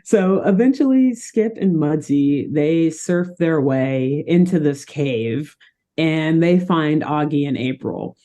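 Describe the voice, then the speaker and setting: A woman's voice: sits low, slow pace. A young woman co-hosting a podcast, animatedly retelling a cartoon plot with frequent laughter. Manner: animated storytelling, laughing often. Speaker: podcast co-host recapping a cartoon. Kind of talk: casual chat.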